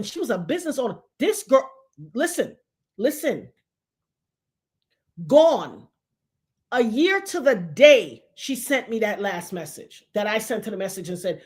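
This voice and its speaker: A woman's voice: a little high, sing-song, unhurried. A woman, telling a personal story dramatically, acting out the voices of the people she quotes and repeating lines for emphasis.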